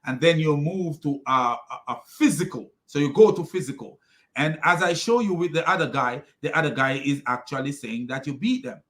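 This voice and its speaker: A man's voice: fairly high pitch, lively intonation, normal speed, fairly bright tone. A man giving critical commentary on a played clip, argumentative, with many fillers and restarts. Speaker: religious commentator.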